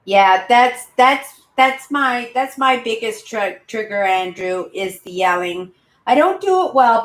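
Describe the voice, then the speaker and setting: A woman in her sixties, host of a casual live-stream chat, who rambles and keeps adding "right?" and calls herself a loud talker. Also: medium pitch. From Canada. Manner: self-described loud talker. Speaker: channel host. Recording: roomy echo.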